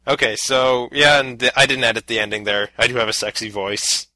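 Brief: relaxed male podcast host with a sharp, bright tone and dry sound. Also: medium pitch, brisk, no room sound, rough recording. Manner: laughs easily, loose and rambling. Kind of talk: casual podcast chat.

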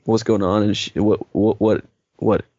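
A man's voice: fairly low pitch, little pitch movement, moderate pace, dark tone, husky, no echo, muffled recording. A young man co-hosting a podcast in casual banter, joking, laughing often and tripping over repeated words. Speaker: podcast co-host.

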